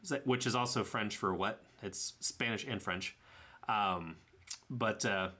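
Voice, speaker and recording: A young man with a Tennessee drawl talks over his travel photos in a loose, meandering voice-over. His tone is bright and forward, and he keeps stumbling over words, fixing them, and chuckling at himself. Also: lowish voice, a little slow. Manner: rambling, self-correcting, chuckling. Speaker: travel vlogger. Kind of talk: casual voice-over narration of trip photos.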